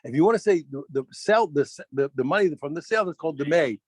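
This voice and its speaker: A man teaching a daf yomi Talmud class, animated, restarting phrases and quizzing his students. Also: on the high side, quick pace, breathy edge, no echo.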